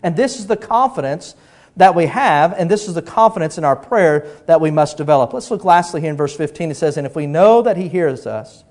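Middle-aged male pastor, fairly high voice; lively sermon storyteller who drops to near-whispers for emphasis.

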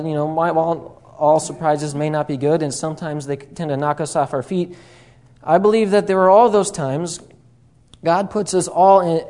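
A man's voice: on the high side, darkish tone. A man preaching a sermon, opening with a folksy joke told in a storytelling manner full of fillers and asides.

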